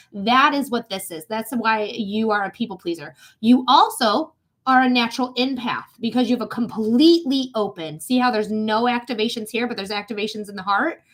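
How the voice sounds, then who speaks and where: Young woman doing a live psychic reading, high voice, casual, swears a lot. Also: a little fast, a bit bright. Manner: casual, blunt and swearing, talks straight to the viewer. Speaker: psychic reader.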